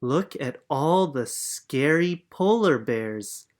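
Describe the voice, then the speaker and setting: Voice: medium pitch, expressive, slow pace. A reader doing a shy, worried little girl. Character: anxious young girl, shy. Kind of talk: storybook reading.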